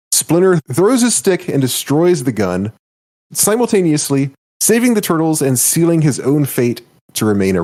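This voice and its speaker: A man with a somewhat high voice co-hosts a podcast. He gives a steady episode recap, then chats casually. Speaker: podcast co-host.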